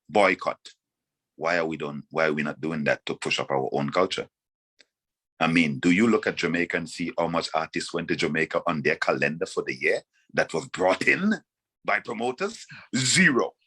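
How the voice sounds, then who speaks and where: A man's voice: a bass voice, lively intonation, moderate pace, pushed and bright, husky. A Vincentian man, a reggae artist, talking passionately in an interview and firing off rhetorical questions. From Saint Vincent and the Grenadines.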